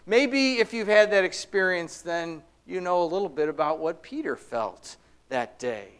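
A man preaching a conversational sermon, asking the congregation rhetorical questions and slowing down to stress key words. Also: sits high, lively intonation, a bit bright, clear, resonant tone. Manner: slows and drops his voice for emphasis.

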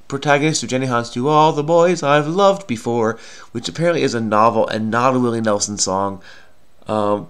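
A middle-aged man thinking aloud as he works through a crossword, muttering to himself between clues. His voice sits at an ordinary middle pitch, and he keeps trailing off into fillers. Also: a bit bright. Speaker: crossword solving video host. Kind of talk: casual think-aloud puzzle solving.

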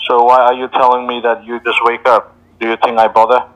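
A man's voice: mid-range voice, monotone, a little fast, a bit bright, poor audio. A man with an Indian accent on a scam call, blunt and combative, swearing back at the caller.

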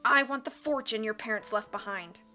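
A woman voicing a dying villainous man with a wheezy, rough, hoarse voice, bitter and theatrical, over faint music. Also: a little high, moderate pace, bright, forceful tone. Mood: snarling, bitter.

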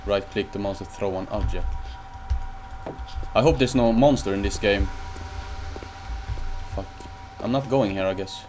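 A man's voice: on the low side, unhurried, pauses often, a little hiss or hum. A young man giving nervous, swear-heavy commentary as he plays a game and reads its prompts aloud. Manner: jittery, swears a lot, reads on-screen text aloud. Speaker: gaming channel host. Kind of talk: let's play commentary. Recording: loud game music behind.

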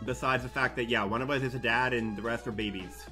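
A man hosting a casual gaming session with friends, teasing them and yelping loudly as he plays. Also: mid-range voice, steady tone, quick pace, faint music behind. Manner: teasing, loud, bursts into yelps. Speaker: streamer host.

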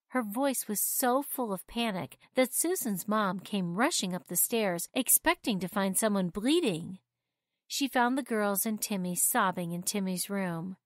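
A woman gently and expressively reading a children's story aloud. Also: medium pitch, animated, unhurried, no echo, studio quality.

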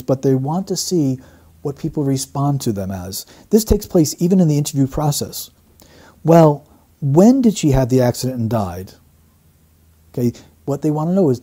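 A man working as a statement analyst, giving measured, explanatory commentary and repeating key phrases as he breaks down an interview. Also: medium pitch, mellow.

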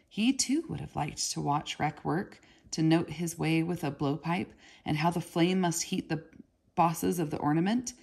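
A woman reads a novel aloud in a calm, steady narration. Her voice sits low, with a gravelly creak at the ends of phrases. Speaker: reader.

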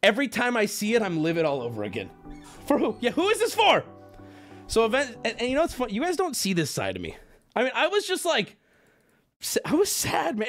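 Livestreaming from his home setup, a man with a high voice tells his chat a story in an animated, profane rant that pokes fun at himself.

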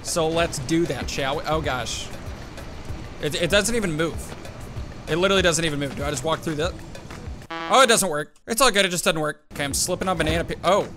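A young man commentating a video game playthrough in an excitable, exclaiming way, often laughing. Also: a little high, fairly quick, music in the background. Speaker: gaming video host. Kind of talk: let's play commentary.

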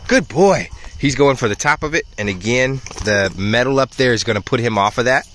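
A man teaching dog training outdoors, explaining in a relaxed way with frequent ums and restarts. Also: medium pitch, a little fast, slight background noise. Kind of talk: casual outdoor instruction.

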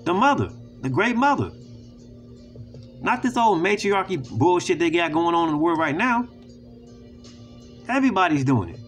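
A man's voice: high voice, very animated, normal speed, pauses often, fairly bright tone, faint music behind. A man with hosting a video, talking straight to viewers in a blunt, preachy, profane way and often asking "you know what I'm saying". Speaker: video host. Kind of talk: casual monologue to viewers.

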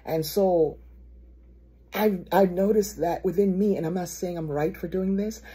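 A woman preaching a sermon in a lively storytelling way, acting out the excited voices of people she quotes. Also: fairly low pitch, a little slow, husky. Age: adult.

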